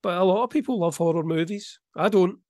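Co-hosting a podcast, a middle-aged man chats casually in a slightly high, bright voice at a fairly quick clip. He comes across relaxed and wry, poking a bit of fun at himself, and the recording is close and dry with no room sound at all.

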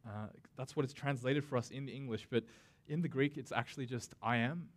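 Man, pastor, sermon, casual and conversational, middle pitch, dramatic slow emphasis on quotes. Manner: casual and conversational, with self-deprecating asides.

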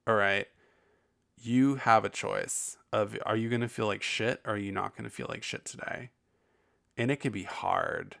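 A man's voice: on the low side, fairly even intonation, moderate pace, vocal fry, a bit bright. A man hosting a podcast in casual, rambling chat, candid and full of swearing. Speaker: podcast host.

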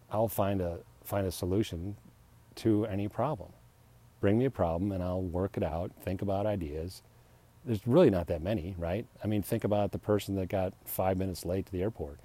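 A man's voice: deep voice, warm tone, husky. A man musing aloud in a solo podcast, rambling and self-deprecating, restarting his sentences and laughing at himself. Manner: acts out heated retorts, laughs often. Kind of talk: rambling personal reflection.

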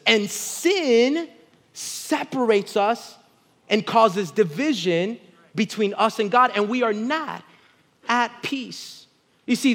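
A man in his thirties preaching a sermon, telling a family story and rising from quiet reflection to loud exclaiming. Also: high voice. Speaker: pastor. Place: church with congregation responding.

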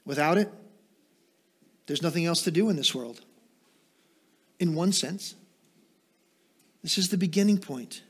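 With a fairly high, slightly rough voice, a male pastor preaches a little slowly and pauses often. He asks rhetorical questions and moves into quiet explanation, adding small self-deprecating asides.

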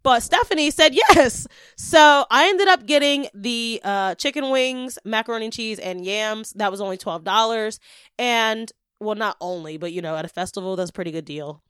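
A young woman hosting a podcast, casually telling an animated story and acting out the quotes. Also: normal speed, smooth, no echo, studio quality. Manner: animated, acts out quotes with big pitch jumps.

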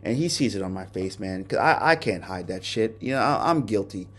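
A male podcast host telling a personal story in a halting, remorseful way, often restarting his sentences. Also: on the low side, expressive, fairly bright tone. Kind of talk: personal confession monologue.

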